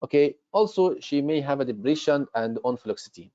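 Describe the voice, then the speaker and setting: A man's voice: medium pitch, animated, brisk, hardly any pauses, dark tone, no room sound. A man tutoring for a medical exam, explaining role-play tasks with many fillers and restarts. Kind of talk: online exam-prep lesson. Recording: dull lo-fi recording.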